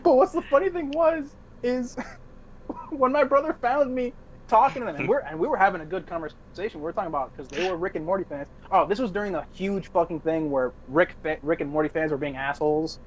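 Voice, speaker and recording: A man's voice: high voice, brisk, highs cut off, slight background noise. A young man, a podcast co-host, telling a rambling party story in casual chat with restarts and laughs.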